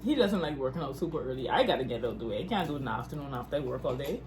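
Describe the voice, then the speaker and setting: A woman's voice: rumbling low, expressive, rapid-fire, darkish tone, a little hiss or hum. A young Bahamian woman co-hosting a couples Q&A, chatting casually and laughing often. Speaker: YouTube couple co-host.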